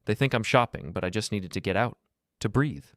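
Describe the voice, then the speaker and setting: A man's voice: on the low side, fairly quick, no room sound, clean studio sound, natural voice. A man voicing a frightened young woman. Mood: distressed. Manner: hushed, self-blaming.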